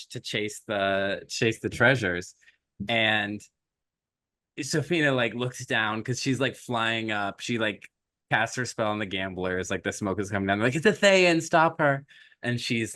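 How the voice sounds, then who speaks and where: A man's voice: fairly low pitch, measured pace, dry recording, clean studio sound. A man co-hosting a podcast, retelling a movie plot in casual, rambling chat, acting out characters' lines as he goes. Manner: rambling, animated retelling with acted quotes and frequent likes. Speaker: podcast co-host.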